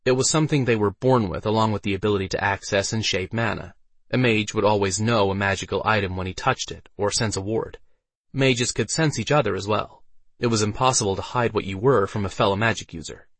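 A man narrating a fantasy audiobook with steady storytelling delivery. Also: fairly low pitch, brisk, dry recording.

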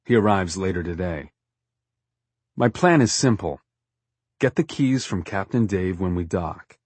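A man's voice: deep voice, lively intonation, measured pace, a little mellow, slightly rough, dry recording. A man reading a first-person story aloud in a wry, dry storytelling manner. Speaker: audiobook narrator. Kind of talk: scripted first-person narration.

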